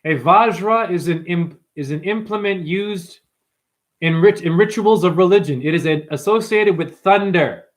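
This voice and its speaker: A man with a somewhat high voice rambles through a livestream, swearing freely. He jumps from topic to topic and throws quick asides to his chat. He calls viewers "honey" and "dumbass". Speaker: livestream host.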